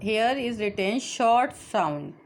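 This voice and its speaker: Slow, lively-voiced woman teaching phonics. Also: on the high side. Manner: spells words letter by letter, repeats each word. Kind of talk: slow phonics lesson for children.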